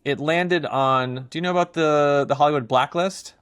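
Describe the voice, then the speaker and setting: A man's voice: fairly high pitch, moderate pace, smooth, dry recording. A man being interviewed about his film, talking casually and animatedly with plenty of fillers. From not from England. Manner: animated storyteller, many fillers. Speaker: filmmaker guest.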